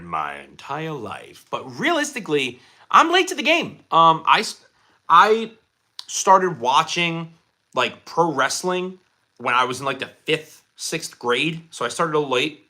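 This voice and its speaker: A man's voice: fairly high pitch, big pitch swings, a little slow, pushed and bright. A young man hosting a casual livestream, reading out viewer comments and rambling with lots of fillers and restarts. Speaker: livestream host. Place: indoor room under bright lighting.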